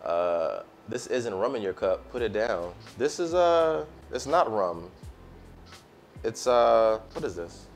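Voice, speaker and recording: Casual male cooking streamer, low-ish voice, slangy and easygoing, faint music underneath. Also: animated, slow pace. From United States. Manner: laid-back, slangy, talks to chat. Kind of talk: casual live-stream chat.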